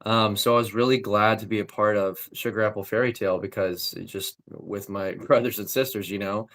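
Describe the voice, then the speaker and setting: Young man, lowish voice, casual and filler-heavy, talks craft like a working voice actor. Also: steady tone, a little fast, a bit bright. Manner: loose, filler-heavy, technical talk with frequent likes and ums. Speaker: voice actor guest. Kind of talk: casual interview chat.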